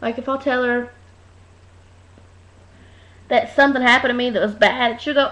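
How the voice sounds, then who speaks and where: Woman vlogger, high voice, loud and chatty, tells stories and mimics people; dull webcam audio. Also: steady tone, moderate pace, pauses often. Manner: chatty storytelling, acts out voices, talks loud. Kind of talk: casual webcam rant. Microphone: webcam mic.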